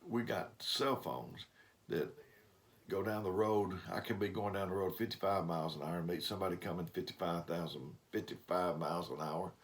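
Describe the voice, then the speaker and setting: An older man giving a folksy devotional talk, telling homespun stories in a rambling way. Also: deep voice. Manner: rambling storyteller, homespun grammar. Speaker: preacher.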